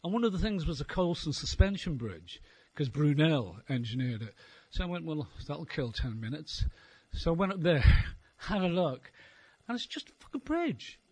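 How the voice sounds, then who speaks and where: A man's voice: fairly high pitch, very animated, normal speed, hardly any pauses, a little mellow, husky, no room sound. A middle-aged man with a Dublin Irish accent doing a rambling, wry stand-up set on a live stage, swearing freely. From Ireland. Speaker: stand-up comedian and poet. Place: live venue before an audience.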